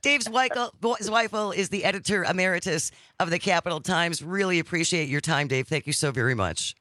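A man's voice: sits high, a little fast, sharp tone, no room sound, studio quality. A man hosting a talk radio interview, joking with sarcastic asides. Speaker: radio talk show host.

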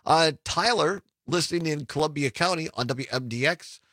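A man hosting a radio talk show in casual, upbeat chat, laughing easily and slowing down for phone numbers. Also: fairly high pitch, a bit bright, no echo.

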